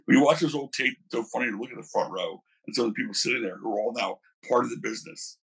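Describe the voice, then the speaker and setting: Gravelly older man telling stories. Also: mid-range voice, very fast. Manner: animated storyteller, acts out quoted voices. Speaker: interview guest, former wrestling promoter. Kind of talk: casual storytelling interview.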